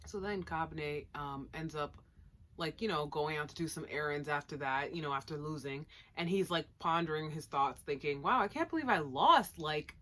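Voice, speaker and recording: A woman's voice: sits low, fairly even intonation, normal speed, fairly bright tone, slight background noise. A young woman casually reviewing an anime episode at home, slangy and sarcastic with giggly asides. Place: home room with plushies.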